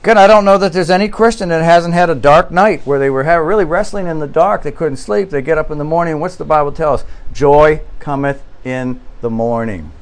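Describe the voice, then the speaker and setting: An earnest male pastor delivers a sermon with a slightly raised pitch. He presses hard on key words and often circles back to restart his phrases. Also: fast talker, few pauses.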